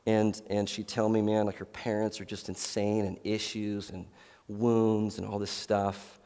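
A man's voice: on the low side, little pitch movement, unhurried, dark tone, smooth, long reverb tail. A middle-aged man preaching a sermon as a pastor, telling stories in a loose, rambling way full of fillers. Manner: casual, rambling storytelling with many fillers.

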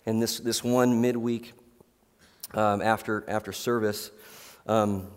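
A man's voice: lowish voice, flat delivery, slow, smooth, in a large hall. A middle-aged man preaching a sermon as a pastor, telling stories in a loose, rambling way full of fillers. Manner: casual, rambling storytelling with many fillers.

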